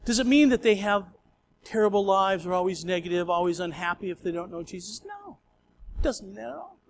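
A man's voice: high voice, lively intonation, fairly quick, creaky. A male pastor preaching a sermon in a conversational storytelling way.

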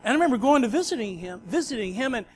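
High-voiced man preaching a sermon. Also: expressive, very fast, a little hiss or hum. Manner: conversational storytelling preaching. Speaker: pastor.

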